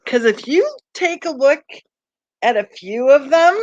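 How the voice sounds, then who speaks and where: Slow-talking tired woman streamer. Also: high-pitched, lively intonation, dull audio. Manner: rambling, thinking aloud while browsing; sighing, tired and yawning. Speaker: true crime channel host. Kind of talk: casual live-stream chat.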